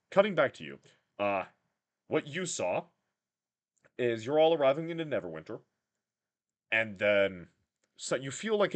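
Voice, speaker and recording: Animated man running a tabletop game. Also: medium pitch. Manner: joking, self-deprecating, profane. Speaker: game master. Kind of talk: casual livestream narration of a tabletop game.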